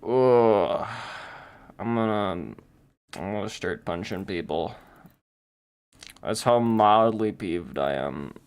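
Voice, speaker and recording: Streamer, male, slow rambling jokey chatter with a lively, swooping pitch while drawing. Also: clear, resonant tone. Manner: rambling, jokey, thinking aloud.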